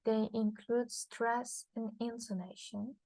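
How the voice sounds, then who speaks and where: A woman whose first language is Turkish, reading a linguistics lecture from slides, halting with frequent fillers and restarts. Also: on the high side, fairly even intonation, warm tone, dry recording, poor audio.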